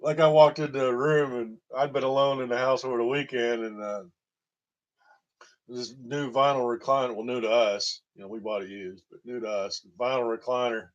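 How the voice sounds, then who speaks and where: A man's voice: medium pitch, fairly even intonation, normal speed. A man from Tennessee, rambling through comic stories and laughing at his own jokes. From Tennessee, USA. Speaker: storytelling vlogger. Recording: dull lo-fi recording.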